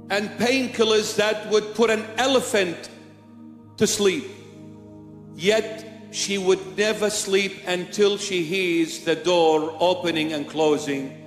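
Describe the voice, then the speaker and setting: A man preaching a sermon as a bishop in a church, emphatic and repetitive in his rhetoric. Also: high voice. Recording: echoey church hall with faint music.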